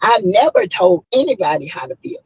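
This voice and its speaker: Hoarse, husky woman in her fifties hosting a chatty livestream, muffled lo-fi sound. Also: on the high side, very animated, a little fast, a little mellow, no room sound. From South Carolina. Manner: chatty, greets viewers by name, emphatic. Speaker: livestream host. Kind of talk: casual livestream chat. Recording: muffled lo-fi audio.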